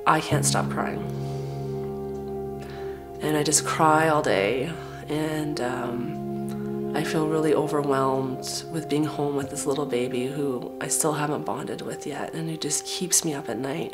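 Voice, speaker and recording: Woman, low pitch; raw, emotional testimony over clear music. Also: a little slow. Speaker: mother sharing her story. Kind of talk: documentary testimony.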